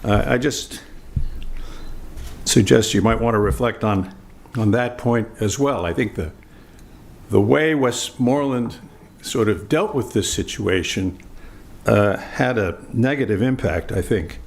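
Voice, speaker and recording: An older American man who used to be a diplomat gives reflective remarks on a panel. His voice is lowish with vocal fry, and he speaks in a measured, halting way full of filler sounds.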